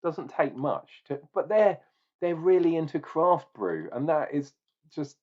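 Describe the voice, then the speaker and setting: A man's voice: on the high side, lively intonation, measured pace, darkish tone, highs cut off. A man doing a casual beer review video, rambling with restarts and growing exasperated as he rants.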